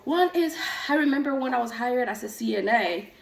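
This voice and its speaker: High-voiced woman vlogging in an echoey room. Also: fairly quick, gravelly, slight background noise. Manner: animated storytelling, acts out quoted voices. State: slightly out of breath from exercise bike. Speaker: nurse practitioner and coach. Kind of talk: casual talking-head vlog. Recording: echoey room, mic at a distance.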